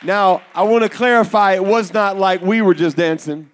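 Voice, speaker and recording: A man preaching a Pentecostal sermon to young people, telling a story and building to shouted fervor. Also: sits high, fairly even intonation, normal speed.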